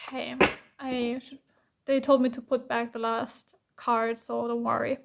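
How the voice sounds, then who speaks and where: Young woman, German accent, high voice, flat delivery, casual tarot reading, lots of "like" and "um". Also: unhurried, creaky, very noisy. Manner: casual, chatty, heavy use of "like" and "um". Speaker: tarot reader. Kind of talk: pick-a-card tarot reading.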